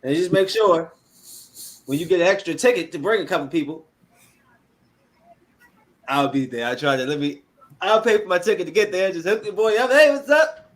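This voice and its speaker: A man hosting a casual podcast, teasing his guest and getting excited about a show. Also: fairly high pitch, normal speed, pauses often. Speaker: podcast host. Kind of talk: casual chat.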